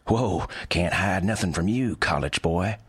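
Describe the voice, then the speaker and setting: A man's voice: low-pitched, measured pace, husky, no room sound, clean studio sound, heavily acted. A man voicing a brassy, teasing frog-faced mother in a storybook reading. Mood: sly teasing. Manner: teasing, folksy drawl.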